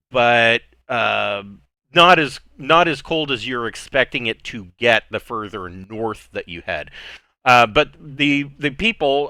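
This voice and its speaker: A man narrating a tabletop game as game master, halting and hesitant with many fillers. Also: lowish voice, bright, forceful tone, clean tone, dry recording. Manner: halting, full of fillers and restarts.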